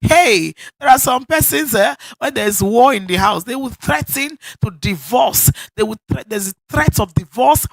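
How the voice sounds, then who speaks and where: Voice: mid-range voice, animated, a little slow, vocal fry, hardly any pauses, no room sound. A preacher with a Nigerian accent giving an emphatic church sermon, repeating key phrases and laughing often. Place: church service.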